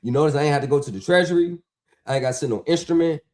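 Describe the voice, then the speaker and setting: A man hosting a livestream, talking in an animated, mocking rant that is full of profanity and rhetorical questions. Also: a little high, very fast. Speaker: stream host. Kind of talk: ranting livestream talk.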